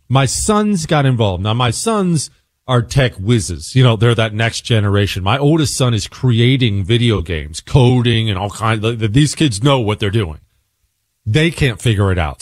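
Slightly under-the-weather radio host, dry sound. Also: male voice, on the low side, no room sound. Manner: conversational storytelling, self-deprecating. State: a little sick, quieter than usual. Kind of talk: talk radio monologue.

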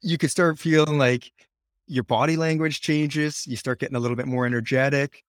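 Man, podcast guest, reflective, measured, casual chat, dry sound. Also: mid-range voice, fairly even intonation, no echo. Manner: reflective, explains ideas slowly with pauses. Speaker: podcast guest on money mindset.

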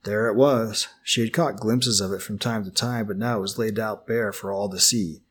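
A man reading a novel aloud as an audiobook in a steady, expressive way. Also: lowish voice, moderate pace, husky. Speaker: narrator. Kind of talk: audiobook narration.

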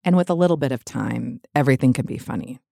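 A woman's voice: extremely low pitch, quick pace, creaky, warm tone, no room sound, clean studio sound. A middle-aged woman telling personal stories in a candid, chatty way, often laughing and restarting her sentences. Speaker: guest. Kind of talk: candid conversational storytelling.

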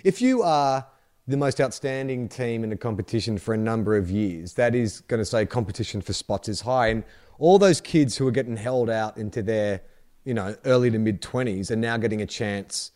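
A man co-hosting a sports podcast talks in a chatty, animated way. His pitch leaps around with a lot of expression. He is easy to amuse and laughs often. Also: moderate pace. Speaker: podcast co-host. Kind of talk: casual sports chat.

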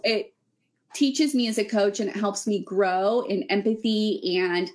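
A woman's voice: mid-range voice, measured pace, darkish tone. A young adult woman, a weightlifting coach, talking earnestly and rambling with lots of fillers in a casual podcast chat. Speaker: weightlifting coach running women's camps.

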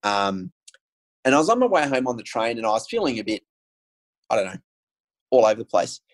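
A man's voice: mid-range voice, sing-song, a little fast, rough recording. A man, a guest telling a personal story in casual conversation, earnest and candid, with frequent ums and restarts. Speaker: guest sharing his story.

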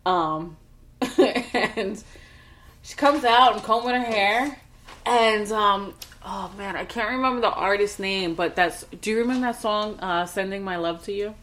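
A woman, co-hosting a podcast in casual chat and telling animated stories. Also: mid-range voice, measured pace, a little hiss or hum. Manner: animated storytelling, laughing, quoting her daughter. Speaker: podcast co-host.

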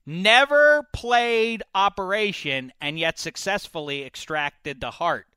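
A man's voice: high voice, slow pace, sharp tone, clear, resonant tone, dry recording. A man hosting a sports radio show in casual chat, joking and bantering with his co-hosts.

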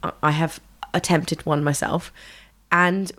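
A woman from England in casual podcast chat, animated and swearing freely as she mimics singers. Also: deep voice, a little slow. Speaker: podcast co-host.

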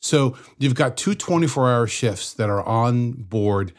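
A man's voice: medium pitch, lively intonation, unhurried. A man co-hosting a true crime podcast who explains investigations in a matter-of-fact way.

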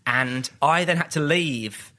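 A man's voice: on the high side, slow pace, sharp tone. A man talking as a guest on a casual podcast, rambling and self-deprecating, with many restarts, and acting out quotes from his past. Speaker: comedian guest.

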